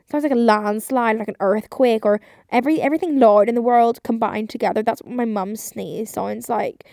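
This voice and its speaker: This podcast host is a twentysomething woman with a fairly high, gravelly yet mellow voice and a slightly quick pace. Her solo show is loose and chatty, packed with swearing and endless "like"s. The clean studio audio has no echo.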